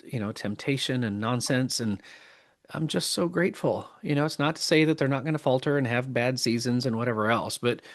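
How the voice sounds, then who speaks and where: Middle-aged male podcast guest, earnest and halting, mid-pitched voice. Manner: earnest, halting, many restarts. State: choked up with emotion. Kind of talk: casual interview talk.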